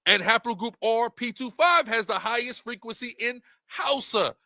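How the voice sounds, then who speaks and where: This religious debater's voice is very high-pitched and sharp, with vocal fry, at a moderate pace. Moving through his slides, he gives an impassioned, rhetorical monologue and repeats questions to drive points home. The audio is studio quality with no echo.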